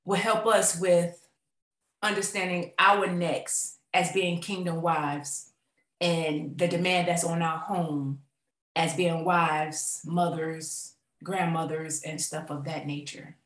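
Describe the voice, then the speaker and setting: A woman hosts a casual faith podcast and poses questions haltingly, full of ums. Her voice is a little low and echoes around the room. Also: fairly even intonation. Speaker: podcast host.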